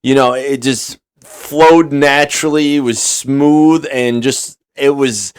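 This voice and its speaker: A man's voice: mid-range voice, fairly even intonation, slow, clear, resonant tone. Rambling, swearing podcast guy. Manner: loose and rambling, swears often, many fillers and restarts. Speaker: podcast co-host. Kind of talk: casual chat.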